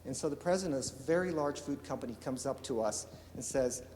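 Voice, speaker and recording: A man from eastern Oregon telling a lively business story to an audience, acting out the dialogue. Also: medium pitch, fairly quick, a little hiss or hum. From eastern Oregon, USA. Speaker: entrepreneur giving a talk. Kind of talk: storytelling keynote speech. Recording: reverberant hall with faint ambience.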